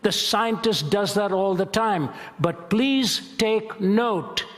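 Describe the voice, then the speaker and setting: A man preaching a sermon with a dramatic, emphatic delivery and slow stressed phrases. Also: sits high. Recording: long hall reverb.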